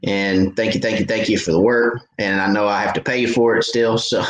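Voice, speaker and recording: A man's voice: lowish voice, normal speed, a bit bright. This is a middle-aged man with a drawl, hosting a live Q&A for his fishing channel. He talks in an easygoing, chatty way and drops in plenty of "uh"s. His voice bounces around an echoey room with a faint hiss behind it. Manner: laid-back, chatty, frequent "uh" fillers. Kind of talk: live stream Q&A chat.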